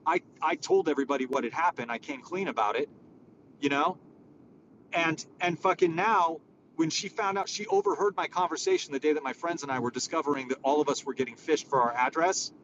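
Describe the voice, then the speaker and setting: A man's voice: fairly high pitch, a little fast, fairly bright tone, lo-fi sound, slight background noise. A man hosting a live audio chat, talking in a rambling, profane and exasperated way. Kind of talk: casual chat.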